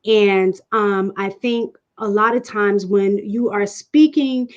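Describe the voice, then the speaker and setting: A woman speaks as a panel guest, laying out her point step by step in a measured way, often restarting her words. Her voice sits at a middle pitch. The audio sounds dull and slightly muffled, like a lo-fi line. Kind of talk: explanatory casual talk.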